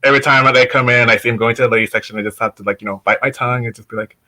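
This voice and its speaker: As a guest on a casual show, a man tells stories loosely, full of fillers and lots of "like," laughing as he goes. His mid-range voice is bright and forceful, with fairly even intonation and a very fast pace.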